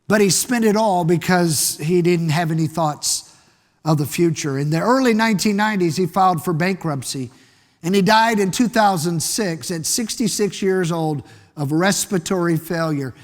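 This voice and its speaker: A man's voice: high-pitched, moderate pace. A man preaching a sermon in a church, emphatic, often repeating words and asking the congregation questions. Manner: emphatic, repeats words while building a point; asks the congregation rhetorical questions. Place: church sanctuary. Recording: long church hall reverb.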